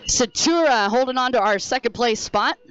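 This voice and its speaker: A woman's voice: a little high, lively intonation, normal speed, fairly bright tone, clear, resonant tone. A woman doing upbeat, playful trackside reporting and co-commentary for a live race at an outdoor track. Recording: dull lo-fi livestream audio.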